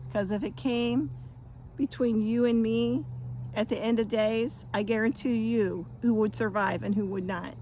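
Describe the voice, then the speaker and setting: A woman's voice: medium pitch, mellow, slight background noise. A middle-aged woman from the United States in an impassioned monologue, blunt and profane, now and then mocking others in sing-song voices. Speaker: vlogger.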